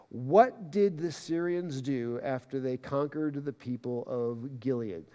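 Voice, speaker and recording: A man delivering a sermon in a fairly high voice, with a long reverb trailing after his words. He talks casually to his congregation, then rises into loud, dramatic emphasis on the verses he quotes. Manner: animated, loud bursts when quoting scripture. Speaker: pastor.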